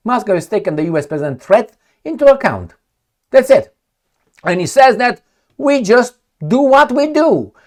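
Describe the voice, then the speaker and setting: A man ranting angrily about the news, sarcastic and swearing, reading headlines aloud and picking them apart. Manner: angry, sarcastic, swearing, lively swings in pitch. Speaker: political commentator.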